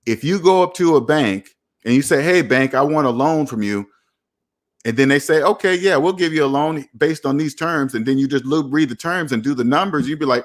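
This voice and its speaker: A man hosting a live personal finance stream, answering viewer comments in a blunt, animated way and acting out the people he quotes. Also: a little high, a little fast.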